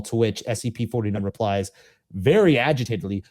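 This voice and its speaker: A man co-hosts a podcast, reading passages aloud and then chatting about them in a relaxed way. His voice is mellow and dark, at an ordinary pitch. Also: fairly quick. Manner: reads text aloud, then chats with frequent laughs. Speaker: podcast co-host. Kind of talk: casual reading and discussion.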